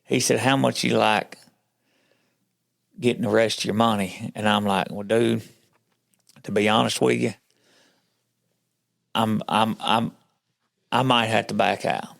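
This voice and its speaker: A man's voice: fairly low pitch, fairly even intonation, unhurried, vocal fry, long pauses, a bit bright. A man as a podcast guest, telling his faith story in casual chat like a folksy storyteller who acts out what other people said.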